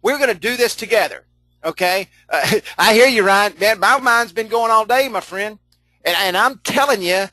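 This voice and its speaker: A man's voice: sits high, lively intonation, moderate pace, pushed and bright, no room sound, poor audio. A middle-aged man leading a live online training session, folksy and chatty, laughing often, repeating himself and answering chat comments as he goes.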